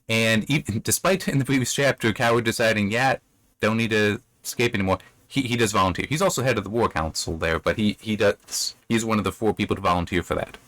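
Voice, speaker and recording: Low-voiced man, dry casual book review. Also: fairly bright tone, dry recording. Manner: rambling retelling, playful mock voices. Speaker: book reviewer, channel host. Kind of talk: casual spoken chapter review.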